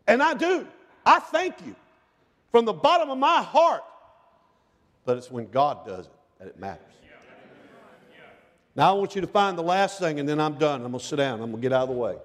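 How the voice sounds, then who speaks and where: Middle-aged male preacher, high pitch, shouted peaks and near-whispered lows, long church reverb. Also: expressive, normal speed, pauses often. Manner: swings from shouting to hushed, near-whispered passages. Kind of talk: sermon. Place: church sanctuary.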